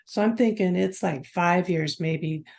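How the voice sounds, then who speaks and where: A woman's voice: lowish voice, unhurried, vocal fry, a little mellow. A woman guest on a podcast, talking casually and rambling with many restarts. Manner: rambling, restarts and spiritual talk. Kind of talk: casual conversational interview.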